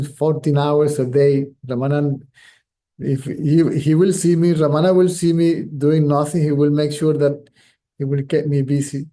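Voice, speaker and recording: A middle-aged man whose first language is Spanish, giving a reflective spiritual talk as a teacher. He speaks slowly and carefully, repeating phrases as he searches for words. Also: fairly high pitch, mellow.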